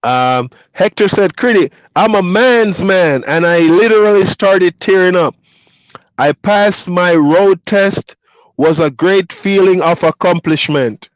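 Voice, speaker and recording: High-voiced Jamaican man chatting. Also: takes it slowly, no room sound. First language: Jamaican Patois. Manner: reads viewer comments aloud and chats back, easygoing, laughs often. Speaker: truck driver streamer. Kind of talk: casual livestream chat. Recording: dull lo-fi dry sound.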